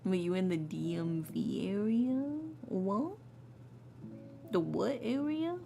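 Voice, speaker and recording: Woman, from Texas, casual stream chat, rambling, gravelly fry. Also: medium pitch, animated, slow, warm tone. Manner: easygoing, rambling, often restarting words. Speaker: tarot streamer. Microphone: desk mic on a live stream. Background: faint lofi music.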